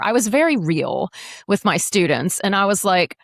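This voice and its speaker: A woman in her forties, an educator speaking as a podcast guest, telling her story in a frank, animated, often profane way. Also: medium pitch, moderate pace, gravelly, no echo, clean studio sound. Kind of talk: candid casual interview.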